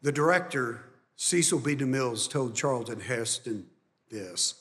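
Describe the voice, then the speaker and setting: A man preaching a sermon, emphatic and climbing high and loud on key points, then dropping soft. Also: lively intonation, measured pace. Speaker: pastor. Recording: long hall reverb.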